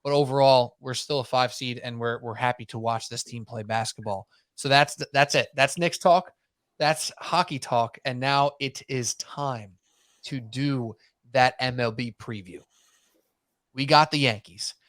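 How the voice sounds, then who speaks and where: A man hosting a sports podcast in casual chat, talking in animated, rambling runs and mocking himself. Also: mid-range voice, a little slow, no echo, clean studio sound. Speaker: podcast host.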